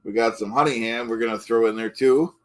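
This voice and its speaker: A man's natural, medium-pitched voice stays steady and moves a little fast as he plays a pompous, easily offended middle-aged man cooking eggs live. The livestream host rambles and blusters in this improvised character comedy, insisting on his own facts.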